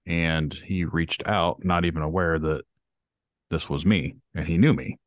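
Deep-voiced man ranting on a podcast. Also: measured pace, dry recording, clean studio sound. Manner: ranting, earnest, drawling. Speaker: podcast co-host. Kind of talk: casual podcast chat.

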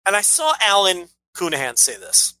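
Male podcast co-host, bright tone, dry close sound, blunt rambling talker. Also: high-pitched, huge pitch swings, normal speed, dry recording, poor audio. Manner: rambling, blunt, swears freely. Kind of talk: casual wrestling podcast chat.

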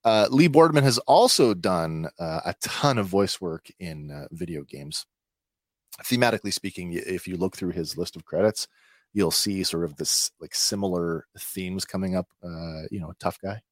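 A man's voice: low voice, normal speed, no room sound, clean studio sound. A man hosting a podcast, recapping an episode in a chatty way with many filler words. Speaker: podcast host.

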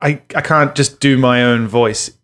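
An Australian man talks on a podcast in a loose, joking way, laughing easily between lines. His voice sits at an ordinary middle pitch. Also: steady tone, measured pace, a bit bright. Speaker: podcast co-host. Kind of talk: casual chat.

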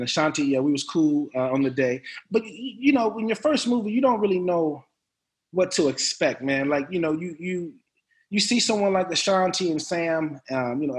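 A man, an actor as a guest, telling stories casually in an interview with lively, laughing delivery. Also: fairly high pitch. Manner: animated, laughing storyteller.

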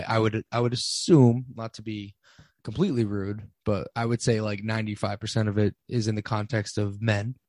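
A man's voice: fairly low pitch, darkish tone, dry recording. A young man in his twenties hosting a casual solo podcast, talking with many ums and restarts. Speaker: podcast host.

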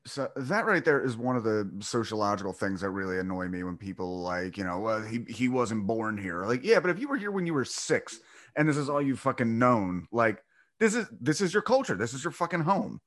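A man's voice: medium pitch, sing-song, a little fast, fairly bright tone. A man hosting a podcast, talking bluntly and sarcastically with plenty of swearing. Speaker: podcast host. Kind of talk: casual conversation.

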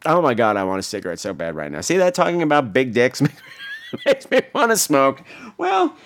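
Campy, lively-voiced man host. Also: normal speed, a little hiss or hum. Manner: campy, bawdy, swings into high mocking voices. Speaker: podcast host. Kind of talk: rambling comic storytelling.

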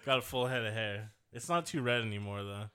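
A man's voice: on the low side, a little fast, bright, forceful tone, smooth. A young man co-hosting a casual podcast, rambling, laughing often and swearing casually. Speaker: podcast co-host. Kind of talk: casual chat.

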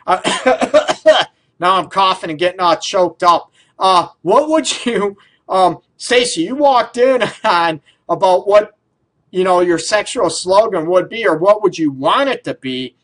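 A man's voice: sits high, expressive, slow pace, fairly bright tone. A man hosting a talk radio show, playful and rambling, laughing often as he tosses out questions. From Detroit area. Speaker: radio show host, counselor. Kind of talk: casual talk radio, chatty.

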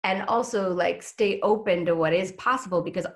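A woman's voice: mid-range voice, moderate pace. A woman teaching casually on a live stream, chatty, with many filler words and frequent laughs. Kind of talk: casual talk.

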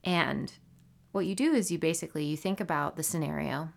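A woman with a low, deep-set voice hosting a solo podcast in casual talk. She is animated and playful and drops into soft, whispery asides. She often slips into silly voices. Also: fairly quick, vocal fry. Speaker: podcast host.

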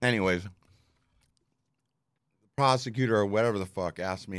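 A man casually telling a story on a podcast, profane and animated, heavy with street slang. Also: lowish voice, normal speed, pauses often, smooth, no echo, clean studio sound. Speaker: storyteller guest.

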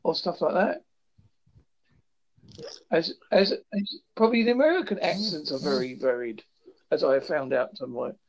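Polite British man, high gravelly voice. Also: a little hiss or hum. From United Kingdom. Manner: halting, polite, repeats words. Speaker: chat partner. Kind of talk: casual chat. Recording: muffled lo-fi audio.

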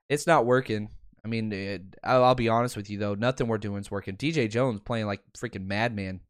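A man hosting a podcast, talking excitedly through game film and addressing his viewers. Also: lowish voice, moderate pace, smooth, dry recording, clean studio sound. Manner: excitable, swears, talks to viewers. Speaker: podcast host. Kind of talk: film breakdown commentary.

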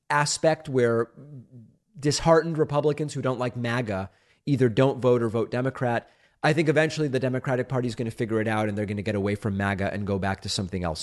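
A middle-aged man born in Argentina hosts a political talk show, reading listener letters aloud and answering them at length. His delivery is conversational and emphatic, with a playful defensiveness when he is criticized. His voice sits at an ordinary mid pitch.

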